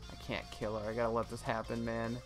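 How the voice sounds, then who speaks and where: A man's voice: medium pitch, monotone, quick pace, soft background music. A man casually reacting aloud while playing through a video game. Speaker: gaming video creator. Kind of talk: let's play commentary.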